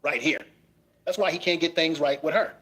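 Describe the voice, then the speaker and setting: A high-voiced man hosting a casual commentary show. He speaks emphatically and critically, reads posts aloud and then reacts to them. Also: fairly even intonation, moderate pace, a bit bright. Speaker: commentary host.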